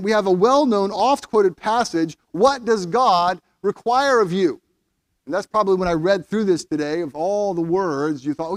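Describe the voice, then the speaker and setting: A man's voice: high-pitched, no room sound. A man preaching a sermon in a conversational way, stumbling over restarts and rising emphatically when he quotes scripture. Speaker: pastor.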